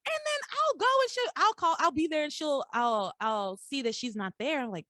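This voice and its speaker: A woman hosts a casual podcast recap with a bright, lively voice that swings high and low. She tells the story animatedly, slips into characters' lines and swears freely. The sound is close and dry. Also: moderate pace, hardly any pauses, no echo. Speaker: podcast host.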